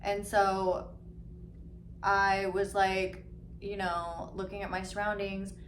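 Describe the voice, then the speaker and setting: A young woman vents to her camera in a loose, profane storytime, leaning on "like" as she acts out other people's lines. Her voice sits at an ordinary middle pitch. The room adds a noticeable echo, with a faint hum of ambience underneath. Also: level tone. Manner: ranting, heavy filler "like", swearing, quick mimicry of others. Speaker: vlogger. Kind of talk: mukbang storytime rant.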